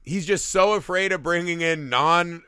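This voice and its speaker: A man's voice: on the high side, moderate pace, pushed and bright, clean tone. A man co-hosting a casual comedy podcast about a movie, riffing and swearing freely as he mocks the plot. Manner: profane, riffing, does mocking quoted voices. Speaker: podcast co-host.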